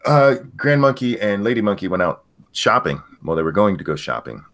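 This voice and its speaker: A man's voice: lowish voice, very animated, a little fast, a bit bright. An older man hosting a casual livestream chat, telling stories with swearing and jokes. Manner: profane, joking storyteller. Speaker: stream host.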